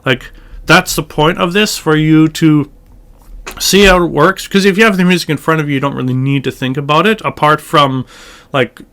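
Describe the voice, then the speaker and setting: A man's voice: fairly high pitch, moderate pace, a bit bright. A man giving a casual chant lesson, explaining how the melody works, thinking aloud with fillers and now and then singing phrases of chant. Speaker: chant teacher.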